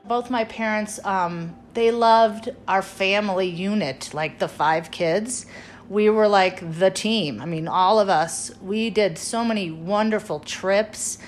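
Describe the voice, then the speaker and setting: A woman's voice: mid-range voice, slow, faint music behind. Fond woman in her fifties reminiscing. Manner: warm, fond recollection with fillers and acted-out quotes. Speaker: interviewee, one of five siblings. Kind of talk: reminiscing family interview.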